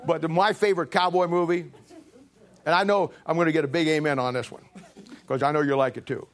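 The pastor, a man in his seventies, speaks briskly in a voice on the high side, his intonation fairly even. Preaching in a church sanctuary, he shares folksy tales, punches his points, and mimics the voices he quotes.

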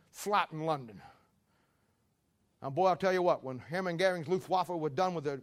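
A male preacher giving a fiery sermon, firing off rhetorical questions and telling history as a story. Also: high-pitched.

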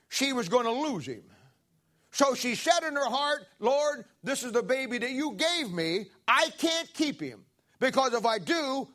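A man preaching, retelling a Bible story in a folksy, animated way with fillers and asides. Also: extremely high pitch. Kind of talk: sermon storytelling.

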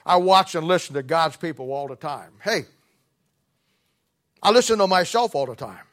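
A man delivers a sermon in a blunt, scolding, plain-spoken way. His voice sits a little high for a man. He drops to quiet murmurs, then climbs to loud, emphatic peaks. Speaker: preacher.

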